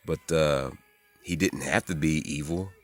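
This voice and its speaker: A man in his forties, rambling excitedly and profanely in a casual monologue, jumping into high voices when he quotes people. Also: measured pace. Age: 40s. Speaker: spiritual vlogger.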